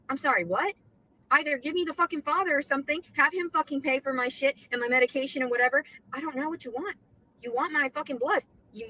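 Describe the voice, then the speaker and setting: A woman with a high voice on a livestream. She talks in an agitated, pleading way and swears a lot. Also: a bit bright, rough recording. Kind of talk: emotional livestream rant. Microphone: computer mic on a livestream.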